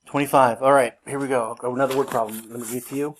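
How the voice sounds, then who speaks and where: A man's voice: mid-range voice, fairly even intonation, rapid-fire, a little hiss or hum. A man teaching a recorded math lesson, talking through each step in a casual, self-teasing way. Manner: casual, self-deprecating, laughs at himself; talks through work step by step.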